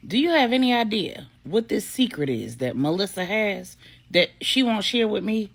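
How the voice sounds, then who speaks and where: A woman voicing a calm, deliberate grown man, a devoted father, in a storybook reading. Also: medium pitch, vocal fry. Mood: resolved.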